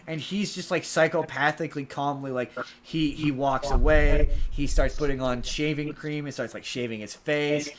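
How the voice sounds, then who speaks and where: With hardly any pauses, a male podcast co-host rambles through a movie recap, restarting often, using filler ums, and acting out quotes. His voice is a little high with fairly even intonation and a moderate pace, over a noisy background.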